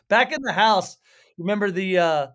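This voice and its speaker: A man co-hosting a podcast, casually recapping a film with halting speech and frequent fillers. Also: sits high, expressive, fairly bright tone. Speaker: podcast co-host. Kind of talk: casual movie recap chat.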